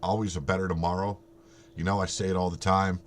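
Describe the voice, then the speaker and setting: A deep-voiced, middle-aged man hosting a live stream. He chats casually, swears freely and breaks into laughter often. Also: flat delivery, quick pace, slight background noise.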